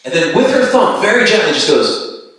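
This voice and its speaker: Roomy, bright-voiced stand-up comedian man. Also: sits high, normal speed. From Canada. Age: 30s. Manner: animated storytelling with quoted voices. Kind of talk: stand-up set. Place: comedy venue with live audience. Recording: roomy distant stage sound.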